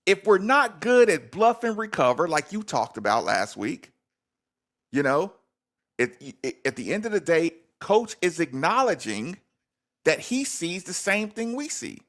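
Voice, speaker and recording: Animated man hosting sports talk. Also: high-pitched, unhurried. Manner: animated, emphatic, repeats words for stress. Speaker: sports talk show host.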